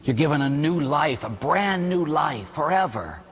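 A man from the Pittsburgh area, a Catholic priest, preaching a sermon with lively storytelling and frequent tag questions. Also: fairly high pitch, measured pace. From Pittsburgh area, United States. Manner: animated storytelling, acting out quoted voices, tag questions. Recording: echoey hall with faint hum.

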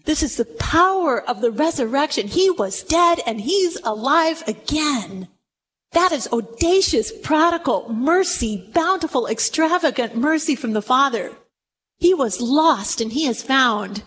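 A woman preaching a sermon to a room, retelling a story with animated, dramatic delivery. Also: high-pitched, normal speed, poor audio. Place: room with audience.

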